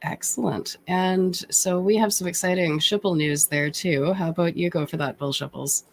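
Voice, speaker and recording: A woman hosting a casual online community show, brisk and friendly, who is losing her voice. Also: lowish voice, fairly even intonation, a little hiss or hum. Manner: friendly, brisk, introducing guests. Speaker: host.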